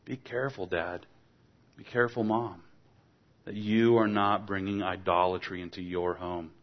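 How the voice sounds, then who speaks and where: A man's voice: sits low, fairly even intonation, normal speed. A man preaching a sermon, earnest and exhorting, asking his listeners pointed rhetorical questions. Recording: dull lo-fi recording.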